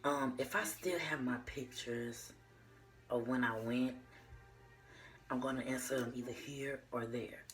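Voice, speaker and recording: A woman's voice: a bass voice, fairly even intonation, unhurried, long pauses, soft background music. A young Southern woman from Georgia telling a storytime vlog to her viewers, chatty and playful, slipping into whispers, a bit out of breath. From South Georgia, USA. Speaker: vlogger.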